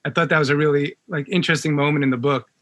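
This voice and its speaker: A man's voice: fairly high pitch, fairly even intonation, rapid-fire, a bit bright. A man interviewing a musician, asking long, hedging questions full of fillers.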